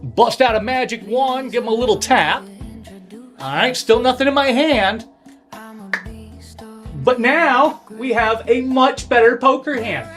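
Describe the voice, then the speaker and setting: A man's voice: very high-pitched, lively intonation, unhurried, pauses often, fairly bright tone, soft background music. A man hosting a casual live-stream sale, chatting with viewers and doing card tricks as he talks. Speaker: livestream seller and breaker. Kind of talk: casual livestream selling patter.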